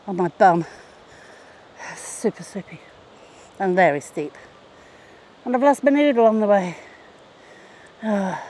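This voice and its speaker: An older woman vlogs casually while scrambling through a rocky gorge outdoors, chatting to the camera as she hikes. Her mid-range voice is a little mellow, with slight background noise behind it.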